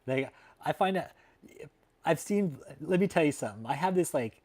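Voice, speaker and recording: A man's voice: fairly high pitch, lively intonation, moderate pace, a little mellow. A man from Texas, hosting a livestream and chatting casually with viewers, swearing a lot, calling everyone dude and man, and often laughing at his own jokes. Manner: profane and laid-back, calls people dude and man. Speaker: livestream host.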